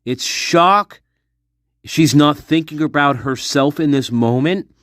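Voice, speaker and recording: A man's voice: on the high side, slow pace, fairly bright tone, no echo, studio quality. A man talking to his viewers in a casual monologue, speculating intensely, repeating himself and swearing often. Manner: intense, repetitive, profane speculation. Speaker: online commentator.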